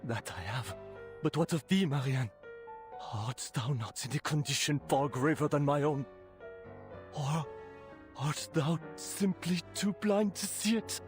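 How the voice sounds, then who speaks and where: A woman's voice: low-pitched, a little slow, darkish tone, soft background music, voice pushed down. A woman voicing a fanatical middle-aged man who preaches in archaic, solemn speech. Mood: accusing.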